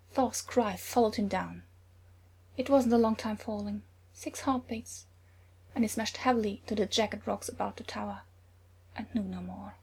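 A woman reading a story aloud in a soft, often whispered narration. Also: a little high. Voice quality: very breathy.

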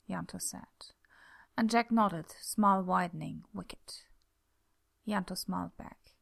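A woman reading a story aloud as narrator, in a calm, steady, soft-spoken way. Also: lowish voice, slow, creaky. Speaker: audiobook narrator.

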